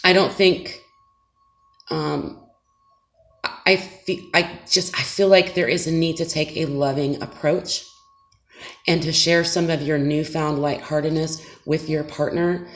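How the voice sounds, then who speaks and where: A woman giving a casual tarot reading to her viewers, speaking gently and soothingly with many fillers and check-ins. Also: low-pitched, fairly even intonation, unhurried, pauses often. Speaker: tarot reader. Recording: echoey room with faint noise.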